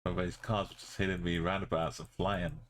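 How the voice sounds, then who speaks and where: A man with a very low voice talks through a live stream in loose, easy chat. He mutters half-finished thoughts to himself, then turns to his viewers to muse and chat. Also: level tone, fairly quick, slight background noise. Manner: thinking aloud, musing and chatting with viewers. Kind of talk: casual live-stream commentary while playing.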